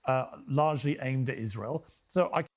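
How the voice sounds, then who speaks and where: A man giving measured political commentary as a news panel guest, building a steady, serious argument. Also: mid-range voice. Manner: deliberate, grave, steady argument.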